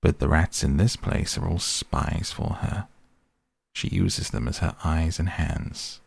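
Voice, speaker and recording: A man's voice: extremely low pitch, animated, takes it slowly, gravelly, husky, no echo, heavily acted. A man voicing a sly, unimpressed cat that talks in a dry, faintly mocking way. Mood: amused.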